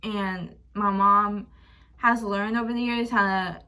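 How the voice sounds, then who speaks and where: A young woman talks straight to her viewers in a candid, personal vlog, retelling a hard family ordeal. Her voice sits at a middle pitch. She sounds frank and emotional, acts out arguments with "I'm like" and lets a curse slip now and then. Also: steady tone, takes it slowly, bright, forceful tone, smooth. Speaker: vlogger. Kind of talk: candid personal storytelling to camera.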